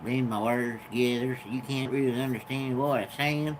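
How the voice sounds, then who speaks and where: A man's voice: mid-range voice, steady tone, a little fast, background noise. A tired man with a nasal voice, hosting a casual livestream chat from a love seat at home and rambling through his thoughts into his phone. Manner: rambling, musing aloud. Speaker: channel host. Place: living room at home, seated on a love seat.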